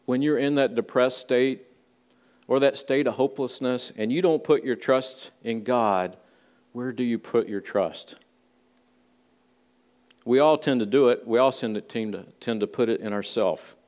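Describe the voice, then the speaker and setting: A man's voice: medium pitch, unhurried, a little mellow. A male pastor giving a conversational sermon in a church, with folksy asides to the congregation. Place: church sanctuary.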